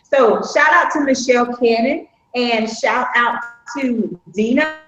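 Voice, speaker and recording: An upbeat woman with a fairly high voice, hosting a live stream in a chatty, folksy way. The sound is echoey and a bit muffled, like a live stream recorded in a reverberant room. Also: unhurried, fairly bright tone, soft background music. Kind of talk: casual live-stream chat.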